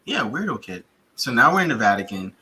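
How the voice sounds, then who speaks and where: A man co-hosting a casual review chat, retelling scenes in a lively way and jumping into high-pitched bursts when he acts out characters. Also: a little fast, slight background noise, low-quality recording. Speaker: podcast co-host reviewing a TV series.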